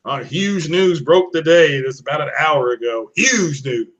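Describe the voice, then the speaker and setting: A man hosting a casual live-streamed podcast, upbeat and full of shout-outs to his chat. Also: a little high, animated, unhurried. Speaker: podcast host. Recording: muffled lo-fi stream audio.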